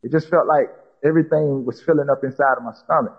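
Husky man retelling a story. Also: on the high side, fairly even intonation, fast talker, narrow, tinny audio. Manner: repetitive, acts out quoted dialogue. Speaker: guest telling a personal story. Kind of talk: casual spoken storytelling.

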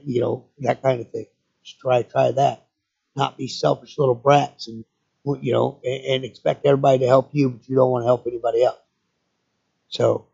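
A man's voice: mid-range voice, vocal fry, mellow, slightly rough, highs cut off. A middle-aged man hosting a solo podcast, ranting bluntly and profanely, rambling with many restarts. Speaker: podcast host.

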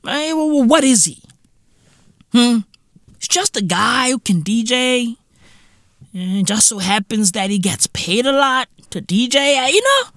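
A South African man riffs through a comedic podcast rant, his voice bright and sharp. He drags out words slowly, then leaps way up in pitch to mock and exclaim. The sound is close and dry, with no room around it. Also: no room sound. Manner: animated, profane, mocking, big swings up into high exclaims. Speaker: podcast host.

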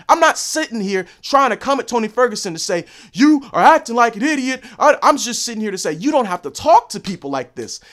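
A man's voice: sits high, fairly bright tone. A young man ranting about fighting news in a heated, profane monologue, repeating his points and acting out the people he quotes. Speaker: MMA commentary vlogger.

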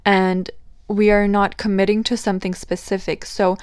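A woman's voice: medium pitch, little pitch movement, normal speed, a little mellow, smooth, no room sound, clean studio sound. A woman hosting her own podcast, giving upbeat advice and asking her listeners questions. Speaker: podcast host. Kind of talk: solo podcast talk.

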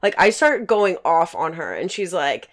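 A woman in her twenties telling a profane, animated story in casual chat, acting out quotes. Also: on the low side, normal speed.

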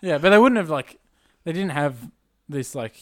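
A man's voice: a little high, lively intonation, moderate pace, fairly bright tone. A man co-hosting a casual podcast, sharing facts in a chatty way, laughing often and trailing off mid-sentence. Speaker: podcast co-host presenting facts. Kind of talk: casual chat.

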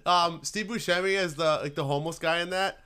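High, bright-voiced laughing man. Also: steady tone, brisk, smooth. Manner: laughs often, swears. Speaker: podcast co-host. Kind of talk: casual chat.

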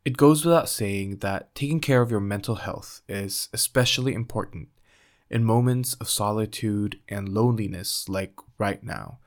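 A woman's voice: extremely low pitch, moderate pace, a little mellow. A woman hosting a podcast, playful and teasing in casual chat. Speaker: podcast host.

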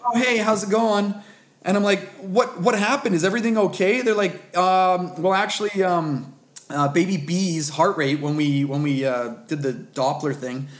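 Animated storytelling man in his thirties. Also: high-pitched, moderate pace, reverberant. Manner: animated, acts out dialogue, self-deprecating laughs. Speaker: guest telling a birth story. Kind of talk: casual storytelling.

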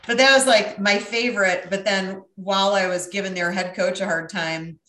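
A middle-aged woman telling a brash, profane, animated story in casual chat. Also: mid-range voice, moderate pace, hardly any pauses, roomy sound.

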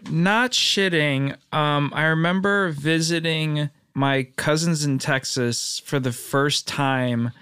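A man co-hosting a podcast, chatting casually with wry reactions and quick questions. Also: on the high side, pushed and bright, clean tone, dry recording, clean studio sound. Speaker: podcast co-host. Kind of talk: casual chat.

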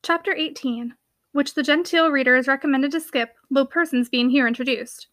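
Bright, high-voiced woman narrating. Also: moderate pace, no echo. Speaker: podcast host and audiobook reader. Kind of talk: audiobook narration.

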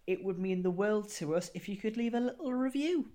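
A woman's voice: medium pitch, animated, brisk, warm tone. A young woman co-hosting a casual podcast, teasing and swearing playfully. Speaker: podcast co-host.

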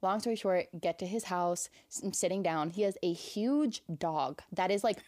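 A woman co-hosting a podcast, telling a story in a casual, chatty way with lots of filler words, animated and incredulous, often laughing. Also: fairly low pitch. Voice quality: fast, chatty, packed with "like" fillers. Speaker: podcast co-host.

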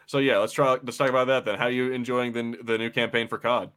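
A man's voice: medium pitch, little pitch movement, fast, a bit bright, slight background noise. A man hosting a casual podcast chat, blunt and profane, laughing often.

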